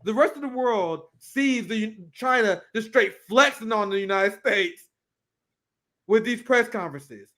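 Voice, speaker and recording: High-voiced man ranting profanely. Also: a little slow. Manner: profane, animated, laughs often; reads clips aloud while reacting. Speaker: political commentary host. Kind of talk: casual political commentary.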